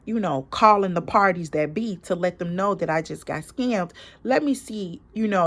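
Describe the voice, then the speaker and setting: A woman vlogger and small business owner, a parent, retelling a story in a casual, emphatic, animated way with quoted dialogue. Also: fairly low pitch. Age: adult parent.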